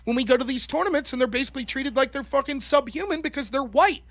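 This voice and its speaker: A man's voice: very high voice, lively intonation, fast, a bit bright. A man in casual podcast chat, talking animatedly, swearing constantly and acting out what other people said. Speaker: podcast guest, former college debater.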